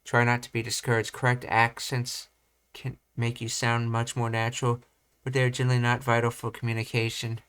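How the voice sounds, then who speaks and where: A young man reading and commenting on language study material, thinking aloud with halting restarts. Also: medium pitch, monotone, a bit bright, clean tone. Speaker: language teacher.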